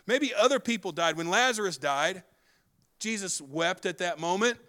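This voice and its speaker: A man preaching a sermon with an animated delivery, swinging between loud and soft and fast and slow, and acting out dialogue. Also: high voice. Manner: animated, wide swings in loudness and pace; acts out quoted dialogue. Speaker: pastor.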